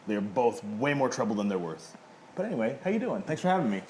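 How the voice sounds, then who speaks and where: A man's voice: medium pitch, very animated, fast, darkish tone. Self-mocking wrestler man in his thirties. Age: 30s. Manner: self-deprecating, chatty, laughs often. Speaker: indie pro wrestler guest. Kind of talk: casual interview chat.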